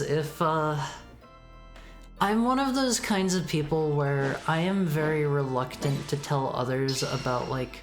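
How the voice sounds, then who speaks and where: A woman chatting casually while streaming a retro game, stammering and repeating words, reading text aloud. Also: low-pitched. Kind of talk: casual gaming stream chat.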